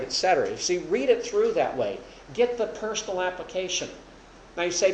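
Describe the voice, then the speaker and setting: A man's voice: high-pitched, sing-song, brisk. A man teaching the Bible to a congregation, asking questions and explaining patiently. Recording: echoey room with faint hum.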